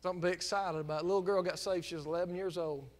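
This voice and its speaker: High-voiced preacher man, swelling to loud fervor. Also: fairly even intonation, racing. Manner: impassioned preaching that swells from quiet storytelling into near-shouting. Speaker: pastor. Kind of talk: sermon.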